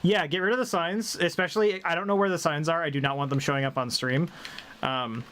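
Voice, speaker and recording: A man's voice: on the high side, steady tone, fairly quick, a bit bright. A young man from British Columbia with a neutral General American accent, chatting casually on a live stream, rambling and correcting himself. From Canada (British Columbia). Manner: rambling, self-correcting, reading chat aloud.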